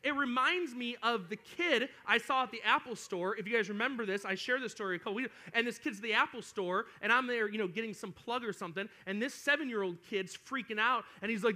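A man's voice: very high voice, fast, hardly any pauses. A young man preaching an interactive sermon to kids as a youth pastor, telling stories and talking straight to his listeners. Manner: animated storytelling, addresses listeners directly.

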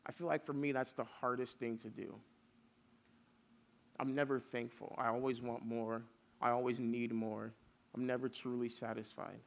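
A man's voice: mid-range voice, little pitch movement, moderate pace, creaky. A man preaching casually to young people, telling stories with lots of fillers. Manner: chatty storytelling with many fillers. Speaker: youth pastor.

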